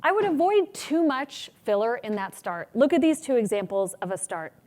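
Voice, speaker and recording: A woman presenting a workshop on public speaking, energetic and acting out examples of good and bad delivery. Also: on the high side, normal speed. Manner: energetic, demonstrates examples in changed voices. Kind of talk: teaching a conference workshop.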